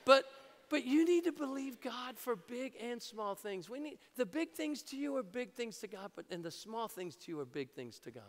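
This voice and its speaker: A man preaching a sermon as pastor in a large church, energetic and jokey, building to shouts. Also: very high-pitched, normal speed. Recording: reverberant church hall.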